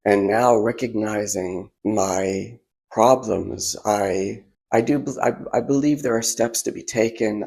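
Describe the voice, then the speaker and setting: A man with a very low, gravelly voice talks through a casual monologue. His tone is husky and a little rough. He stops and restarts his sentences often, and there's an emotional edge to it. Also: a little mellow. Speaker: vlogger. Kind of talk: casual monologue while drawing.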